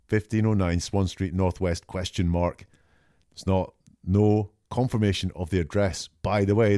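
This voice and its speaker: A male podcast host giving measured, reflective analytical commentary and reading out quoted lines as he goes. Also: lowish voice, warm tone, no echo, clean studio sound.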